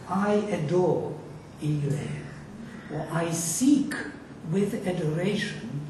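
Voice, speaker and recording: Expressive and a little high, a man's voice chants Vedic verses slowly and passionately in a Sanskrit teacher's lecture. He's captured from a distance in an echoey room with faint background noise.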